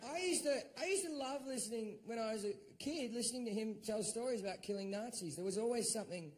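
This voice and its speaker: Australian man, stand-up comic, high-pitched, crude and lively, noisy live recording. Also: fast. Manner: profane, animated, acts out shouted quotes. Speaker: stand-up comedian. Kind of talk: stand-up storytelling.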